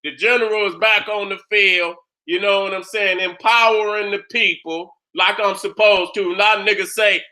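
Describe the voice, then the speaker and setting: A man's voice: sits high, fairly even intonation, normal speed, few pauses, pushed and bright. A man hosting his own channel, delivering a combative, boastful, profane monologue and repeating his phrases.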